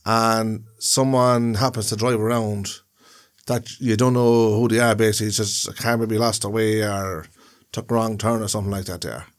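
A man's voice: fairly low pitch, fairly even intonation, moderate pace. An Irish man co-hosting a podcast, explaining things in a rambling way and repeating himself. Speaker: podcast co-host. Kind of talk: casual chat.

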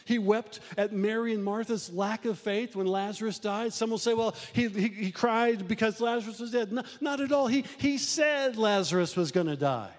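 A man's voice: high voice, moderate pace, few pauses, big-room sound. A middle-aged male pastor preaching a sermon, with emphatic rises and sudden drops in his delivery.

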